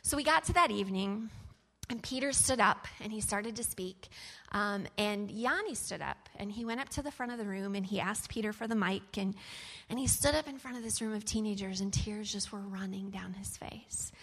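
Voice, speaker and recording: A woman's voice: medium pitch, moderate pace, fairly bright tone. A woman animatedly telling a personal story from her camp ministry work, in a chatty style full of fillers.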